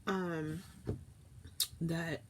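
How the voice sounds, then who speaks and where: A woman's voice: deep voice, little pitch movement, extremely slow, darkish tone, slight background noise. A woman hosting a casual live-stream chat from a backyard camper, talking into an old tablet and greeting her viewers by name.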